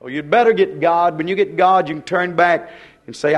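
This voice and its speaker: A man's voice: fairly high pitch, fairly even intonation, normal speed, muffled recording. An older man, preaching a fervent, exhorting sermon.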